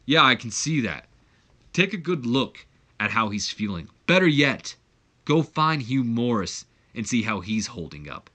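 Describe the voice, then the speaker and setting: Man voicing a mocking giant pro wrestler, taunting tone, bright timbre. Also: mid-range voice, sing-song, measured pace, heavily acted. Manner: taunting, sneering. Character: towering male wrestling giant, mocking bully.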